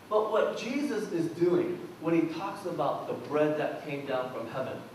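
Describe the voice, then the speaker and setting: A man preaching a sermon as pastor, conversational and animated, asking his congregation questions. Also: high-pitched, a little hiss or hum. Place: church sanctuary. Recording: roomy echo from a distant mic.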